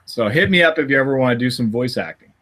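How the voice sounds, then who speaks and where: A man hosting a podcast in loose, casual chat. His voice sits at an ordinary pitch, and he rambles through restarts and laughs often as he goes. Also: lively intonation, fast talker, fairly bright tone. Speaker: podcast host.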